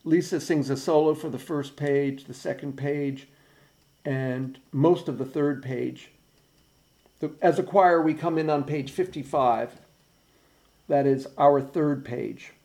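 A man's voice: fairly high pitch, steady tone, slow, warm tone. A man as a choir director giving precise, patient rehearsal instructions and counting in beats, with piano played alongside. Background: piano playing.

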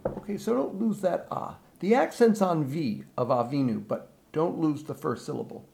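A man leading a choir rehearsal from a recording, explaining breathing and diction slowly and singing short phrases to show them. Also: on the high side, expressive, creaky, music in the background. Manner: slow, deliberate, breaks off to sing the phrases. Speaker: choir director. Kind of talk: spoken choir rehearsal instructions with sung demonstrations.

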